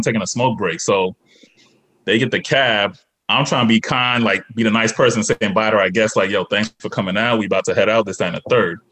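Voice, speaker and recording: Male podcast guest, low voice, animated storyteller. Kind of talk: casual storytelling.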